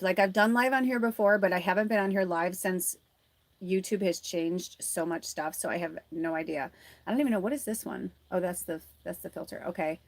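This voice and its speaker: A woman's voice: medium pitch, no room sound. A woman doing a live tarot reading, chatty and rambling as she thinks aloud, then earnest and encouraging. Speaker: tarot reader and spiritual medium. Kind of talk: casual live-stream card reading.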